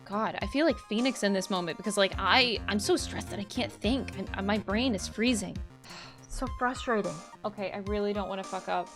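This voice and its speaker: A young woman streamer reacting to a game as she plays, excitable and swearing casually as she thinks aloud. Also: mid-range voice, a little fast, hardly any pauses. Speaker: let's play streamer. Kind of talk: live game reaction commentary. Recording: game music under the voice. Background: game music.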